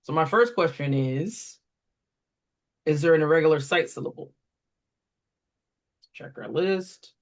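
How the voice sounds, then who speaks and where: A reading instructor talks tutors through a phonics exercise at an unhurried pace, pausing over each syllable. The delivery is deliberate and instructional, with the voice pitched in an ordinary middle range. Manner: deliberate, sounds words out syllable by syllable.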